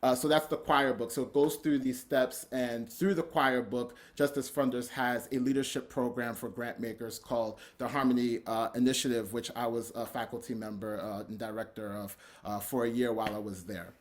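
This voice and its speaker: A man's voice: mid-range voice, fairly even intonation, moderate pace, hardly any pauses. A man explaining a program at length as a panelist. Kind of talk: panel discussion.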